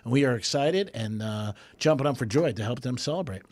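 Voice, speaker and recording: A man hosting a radio talk show in a studio, ranting in an animated, exasperated way. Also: medium pitch, a little fast.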